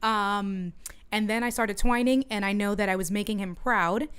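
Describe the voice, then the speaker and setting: A middle-aged woman streaming from her home studio, telling a story in an animated way and talking to her chat. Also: medium pitch, moderate pace, smooth. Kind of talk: casual livestream chat.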